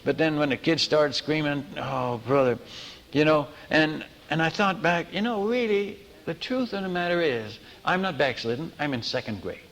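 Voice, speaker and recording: Animated storytelling missionary preacher, man. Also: fairly high pitch, moderate pace, in a large hall. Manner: animated, acts out dialogue, many restarts. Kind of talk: storytelling sermon.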